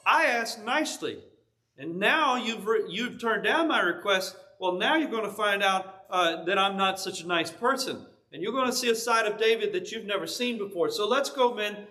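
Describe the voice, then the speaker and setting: A hot-tempered young warrior leader barks orders in a high, tense, bright voice, as a male preacher acts him out in a sermon. He sounds indignant and commanding. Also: fairly quick. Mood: furious.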